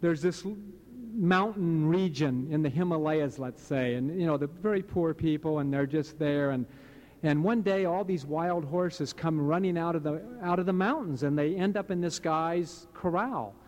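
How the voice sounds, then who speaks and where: A man's voice: on the high side, normal speed, darkish tone, lo-fi sound. A man in his late fifties from Hawaii, sharing his story with a live audience in an earnest, rambling way. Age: late 50s. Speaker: speaker sharing at a recovery meeting. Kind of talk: personal testimony to a live audience.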